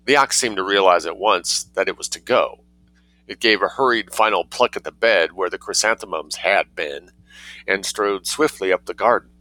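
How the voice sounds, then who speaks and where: A man narrating a story in a measured, wry reading. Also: sits low, bright, forceful tone, poor audio.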